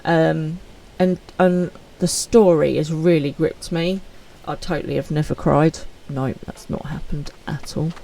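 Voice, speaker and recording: A woman's voice: sits low, fairly even intonation, measured pace, vocal fry, few pauses, mellow, a little hiss or hum, low-quality recording. A woman streaming live, chatting casually and with self-deprecating humor as she reads out messages from viewers. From United Kingdom.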